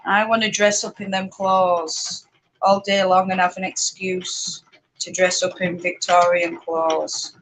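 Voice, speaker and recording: Hosting a relaxed live stream, this spinning vlogger from northern England talks in a Yorkshire accent, answering viewers between frequent laughs and rambles. She speaks slowly in a fairly low, flat voice, captured in a low-quality recording.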